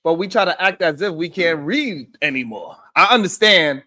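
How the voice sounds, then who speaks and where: A man's voice: a little high, animated, normal speed, pushed and bright. Man hosting a casual live stream. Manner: greets chat viewers by name and argues his point loosely; conversational, repeats himself as he rambles.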